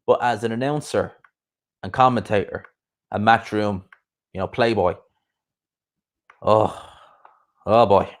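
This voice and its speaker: A young man talks in a loose, rambling way, hopping from one aside to the next. His voice sits a little on the low side, and he keeps a relaxed, casual live-stream manner throughout. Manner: rambling, chatty, quick asides and laughs. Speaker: YouTube boxing streamer.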